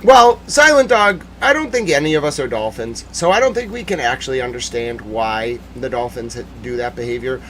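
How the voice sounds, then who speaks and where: A man hosting a live news stream talks fast and jokes his way through viewer messages, swinging into mock-serious rants. His voice sits at a middle pitch, and a faint hum of background noise runs under it. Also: expressive, fairly bright tone. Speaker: livestream news host answering chat. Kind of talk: casual livestream chat.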